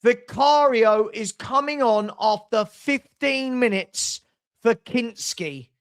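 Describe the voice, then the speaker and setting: An older man hosting a live football watchalong, exasperated and sarcastic, breaking into shouts. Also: very high-pitched, takes it slowly, clean tone. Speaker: fan watchalong host.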